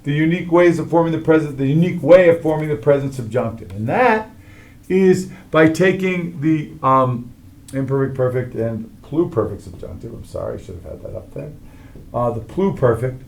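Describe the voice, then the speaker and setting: A man's voice: on the high side, normal speed, creaky, a little mellow. Man teaching a Latin grammar lesson. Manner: explains step by step, checks in with "all right?".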